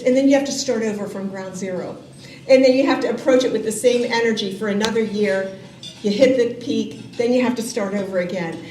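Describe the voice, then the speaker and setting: A middle-aged woman, a university president, giving a warm, enthusiastic ceremony speech with a teasing edge. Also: a little high, slight background noise. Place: large reverberant banquet hall. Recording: roomy hall with faint ambience.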